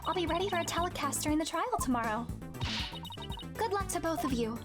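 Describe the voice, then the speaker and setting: Lady doing a sweet polite little girl voice, real high, game music playing. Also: expressive, a little fast. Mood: earnest. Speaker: streamer voicing game dialogue.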